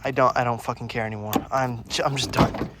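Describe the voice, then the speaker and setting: A young man grumbles and swears through a car repair, talking to himself in an ordinary mid-range voice. It is recorded outdoors at night, with clear noise and clicks behind him. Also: mid-range voice, steady tone, fast talker. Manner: frustrated, swearing, muttering to himself. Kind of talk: profane self-filmed repair vlog.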